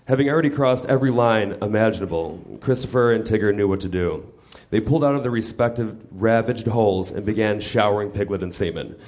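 A man reading a comic story aloud in a deadpan, mock-literary manner on a small comedy theater stage. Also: on the low side, fairly quick, hardly any pauses. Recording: live stage mic with audience laughter noise.

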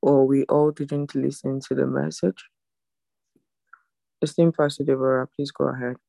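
A woman hosts an online church devotion over a video call. Her voice is low-key and level, with a gravelly edge and very dry, close sound. She is formal, calling each person esteemed. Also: little pitch movement, normal speed, dark tone, dry recording, rough recording. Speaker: prayer meeting moderator.

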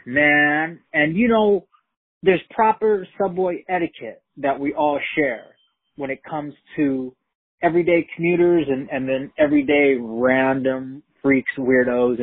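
A man's voice: mid-range voice, breathy edge, dry recording. A man from Brooklyn, casually telling a story in a profane, streetwise way. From Brooklyn, New York. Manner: profane, streetwise, animated retelling. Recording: tinny phone-line recording.

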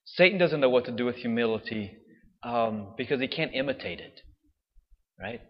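A man's voice: mid-range voice, moderate pace. A man giving a casual homily, chatting with the congregation and often adding "right?" to his points. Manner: conversational, frequent "right?" tag questions. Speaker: priest. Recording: dull sound with long hall reverb.

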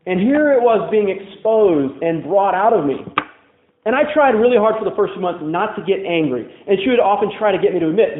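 A man's voice: high-pitched, animated, a little fast, roomy sound, narrow, tinny audio. A man preaching a sermon as a pastor, telling candid personal stories in a conversational way full of "like" fillers. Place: church.

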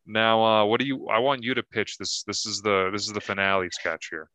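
Bright-voiced rambling man. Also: on the low side, little pitch movement, brisk, no room sound. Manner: rambling and profane. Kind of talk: casual chat.

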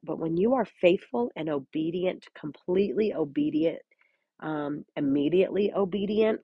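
A woman's voice: deep voice, a little mellow, slightly rough, no room sound, dull audio. A woman hosting a Bible reading podcast, reading scripture aloud and breaking in with earnest, chatty commentary. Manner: earnest, chatty asides between read passages.

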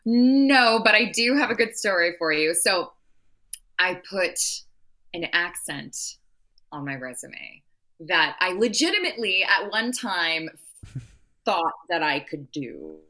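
Actress guest: low-pitched, bright and forceful woman who rambles through long answers. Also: very animated, measured pace. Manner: long-winded, rambling with restarts. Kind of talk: casual interview chat.

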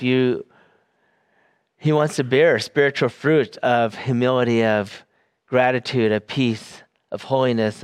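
A man preaching a sermon in a smooth, resonant voice of ordinary pitch. He speaks earnestly and deliberately, slowing on key phrases, with frequent fillers and restarts. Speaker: pastor.

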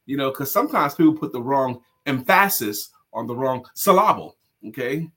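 Bright-voiced man co-hosting a talk show. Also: mid-range voice, sing-song, moderate pace, slightly rough. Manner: chatty, playful, loose with fillers. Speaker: co-host. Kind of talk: casual morning talk show.

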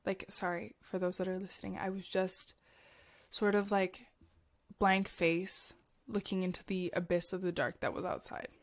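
A young woman hosting a podcast, telling a deeply personal story in a halting, emotional way with many fillers and restarts. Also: level tone. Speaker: podcast host.

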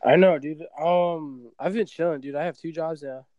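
A man's voice: on the high side, moderate pace, darkish tone, no echo, highs cut off. A young man chatting casually on a podcast, laid-back and saying dude a lot. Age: young adult. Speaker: podcast guest. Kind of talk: casual chat.

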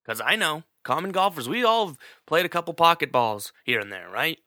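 A man's voice: on the high side, very animated, brisk, pushed and bright, dry recording, studio quality. A man telling a story in a casual, chatty way, talking straight to the listener with plenty of fillers. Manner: chatty, addresses the listener directly, many fillers.

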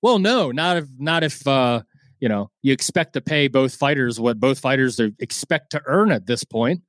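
A man's voice: mid-range voice, animated, moderate pace, no room sound, studio quality. A man co-hosting a boxing podcast in casual, crude, joking banter. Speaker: podcast co-host.

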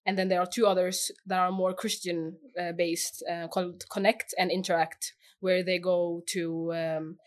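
A young woman from Norway with a Norwegian accent, a podcast guest chatting casually, laughing often and pausing on fillers. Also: on the low side, flat delivery. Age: young adult. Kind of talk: casual interview chat.

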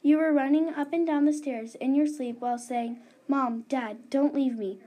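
A woman's voice: high-pitched, fairly even intonation, moderate pace, dark tone, natural voice. A woman voicing a worried mother calling to her daughter in an urgent voice.

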